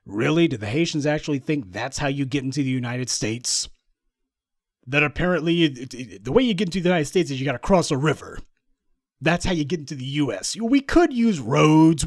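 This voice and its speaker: A man's voice: fairly high pitch, big pitch swings, normal speed, no echo, studio quality. A man giving sarcastic political commentary on news clips, mocking the people he talks about. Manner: sarcastic, mocking, acts out voices of others.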